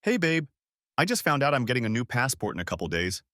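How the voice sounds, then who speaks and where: A man's voice: mid-range voice, big pitch swings, fast talker, a bit bright, no echo, studio quality. A man voicing a tearful, pleading young wife. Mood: eager. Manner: desperate, begging.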